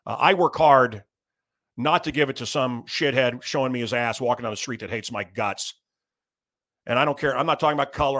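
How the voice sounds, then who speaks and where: A man's voice: mid-range voice, a bit bright. Blunt, ranting middle-aged male host. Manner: blunt, combative, crude ranting. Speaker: show host. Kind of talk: political commentary monologue.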